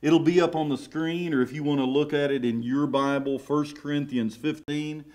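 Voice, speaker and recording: A man's voice: fairly high pitch, fairly even intonation, fairly quick, a little mellow. A middle-aged man with a Southern US accent, preaching a sermon in a church sanctuary with emotional, emphatic swells. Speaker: pastor.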